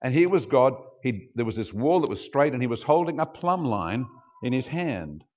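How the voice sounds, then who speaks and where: A man preaching a sermon as pastor, explaining scripture and acting out quoted speech with big jumps in pitch. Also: very animated, moderate pace, darkish tone. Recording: dull lo-fi sound.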